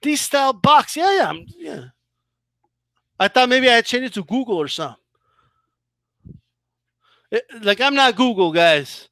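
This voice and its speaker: High, bright-voiced male boxing vlogger. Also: measured pace, pauses often, dry recording. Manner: animated, mocking, with repeated restarts. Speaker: boxing commentator and channel host. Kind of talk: casual boxing commentary vlog.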